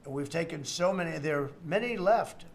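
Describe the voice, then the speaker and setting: A man's voice: fairly high pitch, expressive, normal speed, a little hiss or hum. Rambling older American man, off the cuff. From United States. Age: 70s. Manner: rambling, repetitive and boastful, with mocking asides. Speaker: politician. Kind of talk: off-the-cuff remarks at a meeting. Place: indoor meeting room.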